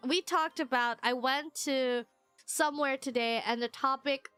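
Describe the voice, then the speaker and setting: Young woman streamer, high voice, rambling chatty, faint music behind. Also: unhurried, clean tone, dry recording. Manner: rambling, excitable, squeals when thanked. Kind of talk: casual chat with viewers.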